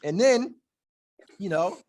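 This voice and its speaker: A man's voice: high-pitched, lively intonation, slow pace, darkish tone. A young man hosting a podcast, telling stories in a loose, profane way and laughing often. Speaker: podcast host. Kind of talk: casual chat.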